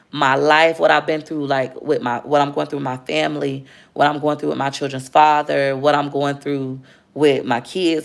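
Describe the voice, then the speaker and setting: A thirty-something woman with a low, gravelly voice has an earnest, casual heart-to-heart with her livestream viewers, reading their comments aloud.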